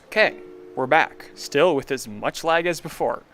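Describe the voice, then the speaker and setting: A man's voice: fairly high pitch, unhurried, fairly bright tone. A young man streaming a video game, rambling casually, laughing often and mocking himself. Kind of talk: casual gaming commentary.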